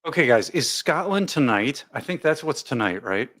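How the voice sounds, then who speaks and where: Male streamer host, chatty and jokey, mid-pitched voice with a lively, bouncing delivery. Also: moderate pace, music in the background. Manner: jokey, rambling, reads viewer comments aloud. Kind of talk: casual live commentary chat.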